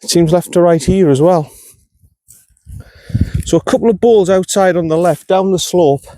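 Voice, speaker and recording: On-course commentary comes from a North East English man vlogging golf, talking through each shot in a frustrated, self-critical way. His warm, high-pitched voice moves at normal speed, and the recording has no echo.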